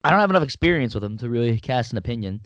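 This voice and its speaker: Quick-talking man in dry sports banter. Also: medium pitch, expressive, no echo, dull audio. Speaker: sports podcast co-host. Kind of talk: casual sports chat.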